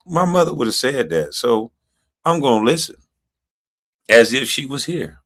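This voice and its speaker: A man's voice: medium pitch, big pitch swings, normal speed, long pauses, fairly bright tone. A man streaming commentary on video clips, taunting and dismissive. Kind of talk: casual reaction commentary.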